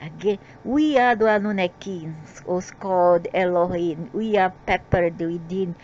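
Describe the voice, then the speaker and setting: Slow, defiant woman channeler, lo-fi. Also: on the low side, darkish tone, slight background noise. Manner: defiant and rambling. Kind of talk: reading channeled messages with angry asides.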